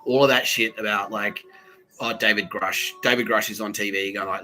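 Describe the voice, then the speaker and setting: A man's voice: lowish voice, fairly even intonation, moderate pace, bright, forceful tone, low-quality recording. A man hosting a podcast, telling a rambling personal story full of swearing, fillers and nervous laughs. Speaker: podcast host.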